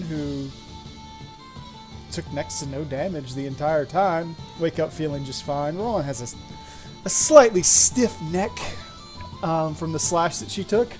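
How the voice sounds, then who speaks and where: Chatty woman running a tabletop game. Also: sits low. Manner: laughs often, relaxed and chatty. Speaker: game master.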